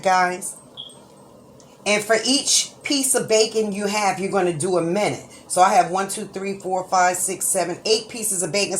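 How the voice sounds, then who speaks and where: Slight background noise accompanies a woman with a mid-range voice hosting her own cooking show. She chats casually through a recipe at home, dropping frequent "right?" and "okay?" check-ins, laughing easily, and at times talking fast.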